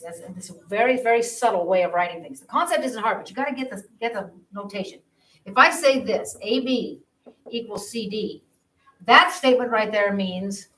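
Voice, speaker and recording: A woman's voice: medium pitch, a bit bright. A woman teaching a geometry class, explaining in a conversational, repetitive way. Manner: conversational, repeats herself while explaining. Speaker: math teacher. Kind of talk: classroom lecture. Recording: roomy classroom audio from a distance.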